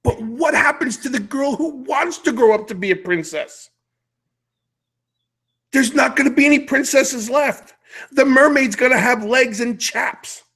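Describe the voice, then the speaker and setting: A man's voice: very high-pitched, measured pace, a bit bright, slightly rough. A middle-aged man hosting a podcast, ranting bluntly and animatedly in casual chat. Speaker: podcast host.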